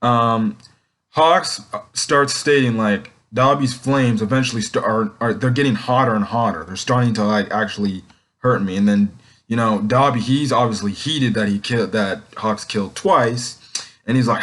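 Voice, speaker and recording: A man's voice: lowish voice, normal speed, fairly bright tone. Rambling man recapping a comic chapter. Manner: rambling, leans on "um" and "essentially". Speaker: manga chapter reviewer. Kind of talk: casual unscripted recap.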